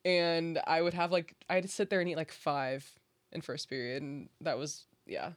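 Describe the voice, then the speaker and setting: A young woman with a fairly low voice hosts a casual podcast, rambling through stories and laughing as she goes. The sound is dry, close and free of room echo. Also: moderate pace. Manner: rambling storyteller, chatty and laughing. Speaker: podcast host.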